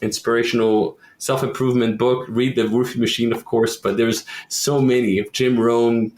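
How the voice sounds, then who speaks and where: Animated man from Quebec, roomy sound. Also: mid-range voice, moderate pace. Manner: animated storyteller who acts out quoted voices. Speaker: roofing company owner, guest. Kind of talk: casual podcast interview.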